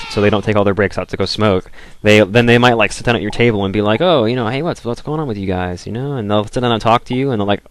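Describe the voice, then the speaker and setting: A man's voice: mid-range voice, fairly bright tone. A young man in college giving casual, rambling commentary over a game, packing his talk with fillers. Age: young adult. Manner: rambling, filler-heavy, lots of "like". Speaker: let's play commentator.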